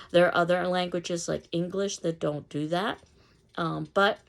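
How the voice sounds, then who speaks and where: A woman from New York City with a New York accent, lecturing on speech delivery. Her voice sits fairly low with a gravelly edge. She explains steadily and clearly, with the odd "um". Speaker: public speaking instructor. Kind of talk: recorded online lecture.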